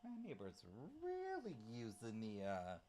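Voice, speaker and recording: A man hosting a casual livestream, answering chat comments in an animated, giggly way. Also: fairly low pitch, a little slow. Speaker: livestream host reading chat.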